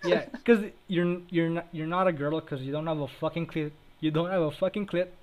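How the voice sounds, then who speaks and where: His pitch is fairly high, his delivery brisk and fairly even, his tone darkish. This young co-host curses nonstop, cracks crude jokes and keeps laughing at himself, all over a poor-quality remote connection that drops in and out.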